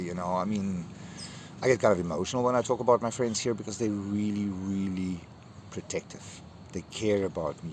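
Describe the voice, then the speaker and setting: Male vlogger with a lowish voice, rambling and emotional, casual talk over faint traffic noise.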